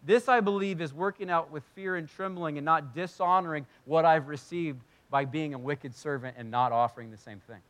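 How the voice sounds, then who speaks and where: A man preaching a sermon to a congregation in a church hall, speaking earnestly and conversationally, swinging from loud emphasis to hushed tones. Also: on the high side, fairly quick, few pauses. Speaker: pastor.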